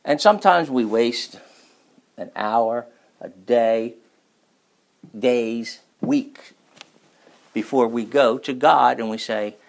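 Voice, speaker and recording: A man's voice: medium pitch, creaky. A man preaching a sermon in a church, telling a folksy, humorous story before rising to emphatic scripture reading.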